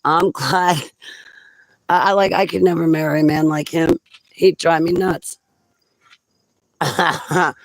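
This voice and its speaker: A woman's voice: low-pitched, fairly even intonation, slow pace, long pauses, no echo, rough recording. Woman vlogger, loose rambling monologue, laughs often; dry close recording. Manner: chatty, laughs often between thoughts.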